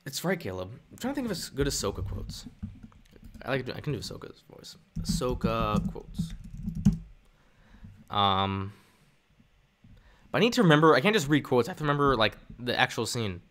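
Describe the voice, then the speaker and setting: A man's voice: medium pitch, sing-song, moderate pace, long pauses, fairly bright tone. A young man chatting casually on a live stream, rambling and self-deprecating as he reads chat.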